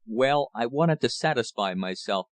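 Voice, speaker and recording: A man voicing a calm, guarded, thin-faced country rector who speaks in a drawl. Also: medium pitch, unhurried, no echo, lightly acted.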